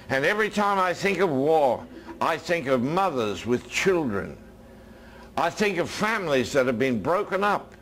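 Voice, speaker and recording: An American man preaching a sermon as a minister, his voice dropping low and soft and then rising again. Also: slight background noise.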